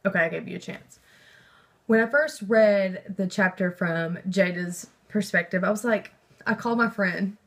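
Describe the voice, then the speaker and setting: A young woman chatting about a book she loved, rambling and excitable, full of filler words and the odd swear. Her pitch sits in an ordinary middle range. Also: normal speed. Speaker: book vlogger. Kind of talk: casual book review chat.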